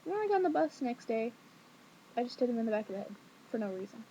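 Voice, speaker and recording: A young woman vlogging from home at night, telling a childhood story in a rambling, sassy, animated way. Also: on the high side, fast talker, a little hiss or hum. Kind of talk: casual storytelling to camera. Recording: dull lo-fi webcam audio.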